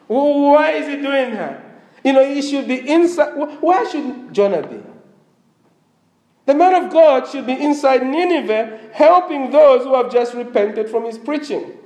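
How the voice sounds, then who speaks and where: A man's voice: very high-pitched, expressive, measured pace, a little mellow, reverberant. A man preaching a sermon, with a slightly strained voice, asking the congregation questions as he goes. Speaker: pastor.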